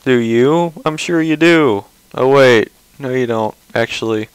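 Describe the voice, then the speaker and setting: A man's voice: medium pitch, measured pace, clean tone, no echo, rough recording. A man giving casual, rambling commentary on a webcomic page, mocking and sarcastic, often restarting his sentences.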